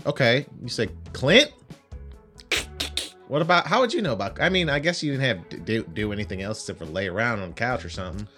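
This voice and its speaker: A man playing a tabletop game in a quick, offhand, playful way. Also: mid-range voice, animated, sharp tone, faint music behind. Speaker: player. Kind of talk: casual tabletop game play.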